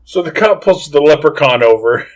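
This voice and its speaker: A man's voice: a little high, lively intonation, moderate pace. A man co-hosting a movie podcast, recapping scenes in a laid-back way and chuckling often. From Canada. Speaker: podcast co-host. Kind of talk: casual movie podcast chat.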